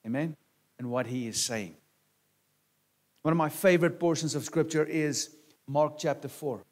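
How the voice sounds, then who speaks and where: Male pastor with a lightly raised pitch, preaching in a chatty, questioning way that often turns to soft asides. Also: normal speed. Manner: conversational preaching, rhetorical questions, frequent "right?" and "amen?". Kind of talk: sermon.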